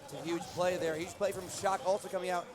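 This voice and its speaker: A man giving energetic play-by-play on a live esports match, rising in pitch as the action peaks. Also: fast talker. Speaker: esports commentator. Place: live esports arena with a loud crowd. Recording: loud crowd behind the voice.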